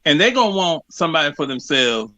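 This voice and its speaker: A man's voice: a little high, very animated, quick pace, pushed and bright, dry recording. A man in his forties calling into a live show, talking casually and animatedly with laughs. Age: 40s. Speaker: caller. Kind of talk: casual chat.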